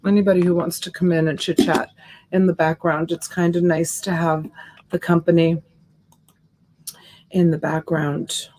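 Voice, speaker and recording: A woman's voice: lowish voice, a little mellow, a little hiss or hum. A woman hosting a live selling stream, chatting casually and answering viewer comments by name in a sympathetic way. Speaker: live-stream seller and host.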